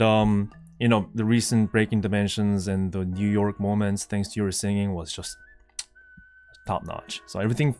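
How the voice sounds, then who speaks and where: A man streams from his room, flustered and excitable, stumbling over his words as he talks to chat. His voice sits at a middle pitch, with faint music playing behind him. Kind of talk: casual live-stream chat.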